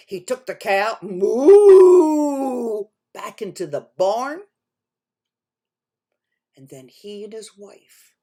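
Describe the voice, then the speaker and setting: Lively woman telling a folk tale. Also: medium pitch, slightly rough. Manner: lively, expressive, makes animal sounds. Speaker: storyteller. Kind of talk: folk tale told to children.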